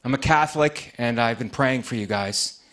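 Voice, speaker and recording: A man doing a stand-up comedy set with deadpan punchlines in a TV studio. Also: medium pitch, moderate pace, a faint crowd, a little hiss or hum.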